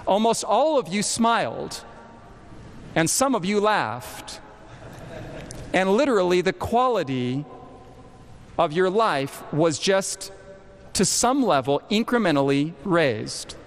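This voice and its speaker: A man preaching a sermon to a camp meeting audience, animated and questioning the crowd directly. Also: high-pitched, slow, pauses often. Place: large hall with audience. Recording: long hall reverb.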